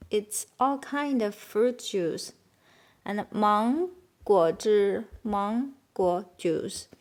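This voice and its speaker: A Chinese-accented woman teaching beginners, explaining patiently in simple English and saying words slowly and carefully. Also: medium pitch, a little mellow. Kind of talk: beginner language lesson.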